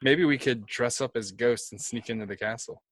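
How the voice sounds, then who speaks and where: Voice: mid-range voice, normal speed, no echo. A tabletop player talking casually and joking around. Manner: playful, joking.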